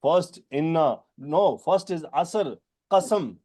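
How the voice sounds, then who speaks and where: This male teacher speaks non-native English in a slightly high, animated, a little mellow voice. Teaching Quran grammar, he puts questions to students by name and takes his time explaining terms.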